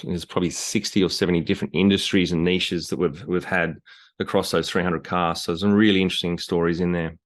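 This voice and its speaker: A man from Tasmania with an Australian accent, a podcast guest telling stories in a relaxed way with some hesitations. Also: deep voice, fast talker. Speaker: podcast guest, business founder. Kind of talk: casual chat.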